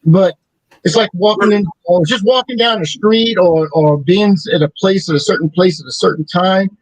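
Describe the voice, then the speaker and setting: A man chats hesitantly, with a slightly high voice, and keeps stopping and restarting. The sound is dry and close, with no room echo. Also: normal speed. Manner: hesitant, many fillers and restarts. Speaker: panelist. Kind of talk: casual chat.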